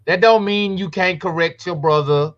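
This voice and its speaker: A man's voice: high voice, moderate pace, a bit bright, lo-fi sound. A man reflecting in casual chat on scripture, and often checking that his listener follows. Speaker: co-host.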